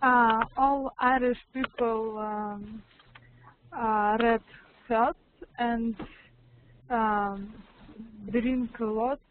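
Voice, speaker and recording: Woman learner, halting and hesitant, very slow, slightly high, thin phone-line sound with faint hiss. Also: steady tone. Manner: hesitant, halting with many fillers. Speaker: student. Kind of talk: language class answers.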